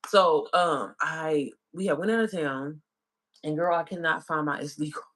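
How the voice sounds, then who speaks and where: A woman's voice: low-pitched, normal speed, a bit bright. Chatty woman coaching on a livestream. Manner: chatty, addresses viewers as y'all and girl. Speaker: online business coach. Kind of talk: casual livestream chat.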